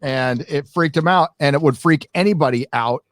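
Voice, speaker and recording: A man's voice: on the high side, moderate pace, fairly bright tone, no echo, studio quality. A man hosting a casual podcast chat, talking emphatically and with frequent swearing. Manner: emphatic, profane. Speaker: podcast host.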